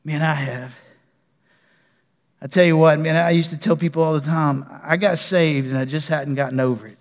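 A male pastor preaching with passion, his fairly high voice rising in fervent appeals and falling to a hushed plea. A long reverb trails each phrase, as in a church sanctuary. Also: steady tone, moderate pace. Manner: impassioned preaching that drops to soft, prayerful pleading. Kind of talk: sermon.

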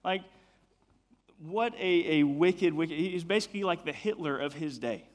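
A young man preaching to youth in a relaxed, chatty way, full of fillers. His voice sits fairly high. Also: unhurried. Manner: casual, chatty, many fillers. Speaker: youth pastor. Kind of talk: youth sermon.

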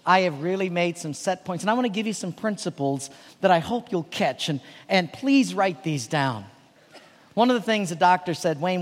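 High-voiced man telling stories in a hall. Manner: storytelling, animated with laughter. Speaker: pastor. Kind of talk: conference talk to leaders. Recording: long hall reverb.

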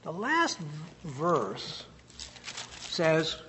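A man preaching a sermon, reading scripture and then telling stories in a lively, conversational way. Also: fairly high pitch, drawn-out words, slight background noise. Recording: long reverb of a large hall.

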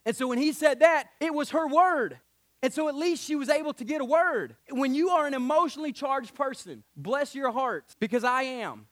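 A man's voice: very high-pitched, animated, moderate pace. A middle-aged pastor, preaching an emotional, passionate sermon to his church.

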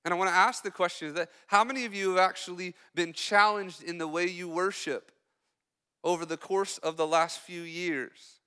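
A young man preaching as a student pastor, chatty and joking with quick asides to the congregation. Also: sits high, fairly even intonation, sharp tone, clean tone, big-room sound. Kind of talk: sermon. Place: church hall.

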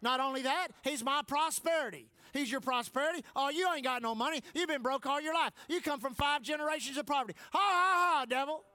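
A male pastor preaching a sermon emphatically, swinging between shouts and low asides and laughing often. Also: quick pace, hardly any pauses, dry recording.

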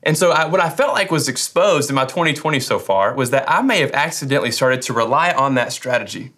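A young man preaches a sermon in a relaxed, conversational way. He jokes with the listeners and restarts his phrases often. His voice sits at an ordinary middle pitch. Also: quick pace. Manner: casual, joking, hesitant restarts. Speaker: pastor.

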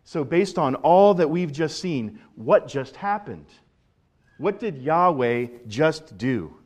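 A male pastor giving a sermon in a conversational, animated way, often repeating words as he builds a point. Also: fairly high pitch, takes it slowly.

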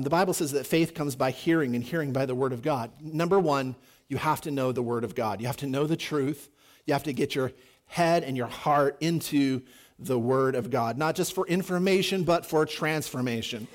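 A man preaching a sermon, lively, acting out the people in his stories with big swings in loudness. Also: moderate pace. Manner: animated, acts out quoted voices with big swings in pitch and volume. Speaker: pastor.

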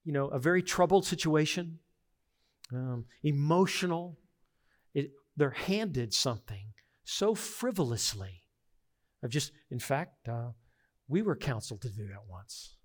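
A middle-aged man preaching a sermon as pastor, earnest and emphatic, swinging between hushed reflection and forceful insistence. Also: fairly high pitch, expressive, a little slow.

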